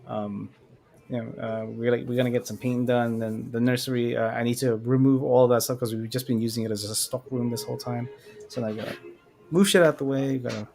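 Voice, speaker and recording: A man's voice: medium pitch, fairly even intonation, a little fast, vocal fry, warm tone. A man in his thirties hosting a stream, chatting casually in a laid-back, rambling way. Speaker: stream host. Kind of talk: casual chat.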